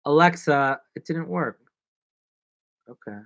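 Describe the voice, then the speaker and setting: A man chats to his live-stream viewers from his apartment, rambling from joke to joke and poking fun at himself. His pitch bounces up and down a lot. The sound is dry and close. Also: animated, slow, vocal fry, fairly bright tone, no room sound. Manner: rambling, jokey, self-mocking. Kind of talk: casual live-stream chat. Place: apartment in New York.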